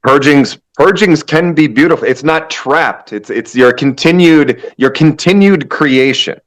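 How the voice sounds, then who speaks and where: A man's voice: on the high side, a little slow. A man speaking as a shaman guest in an interview, emphatic and preachy, often restarting his sentences. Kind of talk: spiritual interview talk.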